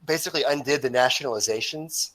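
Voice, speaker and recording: A man's voice: mid-range voice, fast, a bit bright. Hesitant man in casual discussion. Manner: hesitant, restarts often with many fillers.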